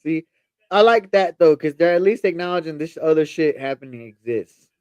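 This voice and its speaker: Male co-host, animated casual banter, smooth resonant voice, lots of bro and swearing, dry close sound. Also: on the high side, moderate pace, no echo. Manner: animated, says bro a lot, swears freely. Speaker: co-host of a live fight watch-along stream. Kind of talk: casual live-stream chat.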